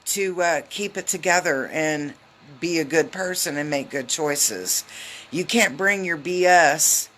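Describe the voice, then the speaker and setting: A woman giving a casual live tarot reading on a phone, chatty and loose, with lots of filler ums and quick hellos to her viewers. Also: low-pitched, fairly bright tone, a little hiss or hum. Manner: greets viewers mid-reading. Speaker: tarot reader.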